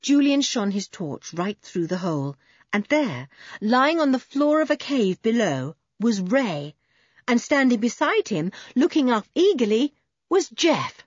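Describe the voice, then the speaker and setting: A woman reading a children's adventure story aloud with expressive narration. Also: a little high, measured pace, slightly rough, no echo, muffled recording.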